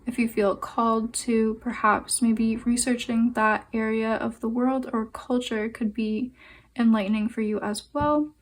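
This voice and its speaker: A young adult woman giving a pick-a-card tarot reading, speaking gently and meandering with fillers and pauses. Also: on the high side, fairly even intonation. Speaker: tarot and oracle card reader.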